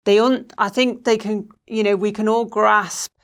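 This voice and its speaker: A woman's voice: medium pitch, steady tone, normal speed. A woman co-hosting a talk, asking thoughtful questions with hesitant restarts. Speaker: co-host. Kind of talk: conversational questioning.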